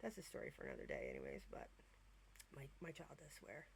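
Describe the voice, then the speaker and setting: A woman's voice: very deep voice, wildly swooping pitch, fast talker, gravelly, a little hiss or hum. A woman in her thirties telling a rambling, self-mocking story in a casual vlog, swearing freely and drifting off topic. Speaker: vlogger. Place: at home, in bed.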